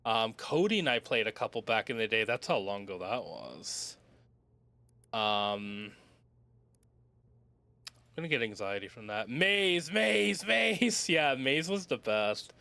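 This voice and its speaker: A man's voice: fairly low pitch, animated, measured pace, pauses often, pushed and bright, dry recording. A young man casually commenting as he plays a puzzle video game, rambling, swearing and muttering to himself. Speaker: streamer playing a video game. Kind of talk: casual let's-play commentary. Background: game music.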